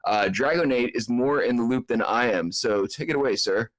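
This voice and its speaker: A man's voice: medium pitch, normal speed. A man hosting casually, joking and rambling with hesitant restarts. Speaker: host. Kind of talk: casual chat.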